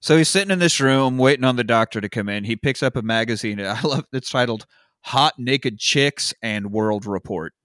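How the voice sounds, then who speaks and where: A man co-hosting a podcast, retelling a movie in a relaxed, joking way with frequent swearing. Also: mid-range voice, moderate pace, no echo. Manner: laid-back storytelling with profanity and frequent laughs. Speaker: podcast co-host. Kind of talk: casual movie recap chat.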